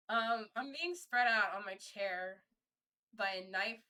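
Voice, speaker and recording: A woman streamer talking through her feelings in a halting, candid monologue, often restarting and swearing freely. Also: medium pitch, sharp tone, smooth.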